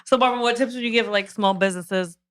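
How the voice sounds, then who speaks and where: A woman co-hosting a podcast, chatting casually and telling stories in an animated way. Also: fairly high pitch, fast talker. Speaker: podcast co-host. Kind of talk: casual chat.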